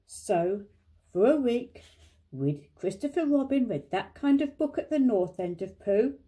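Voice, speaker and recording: An older woman reads a children's story aloud, slow and careful. Her voice sits high but sounds soft and mellow, with an unhurried pace. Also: big pitch swings.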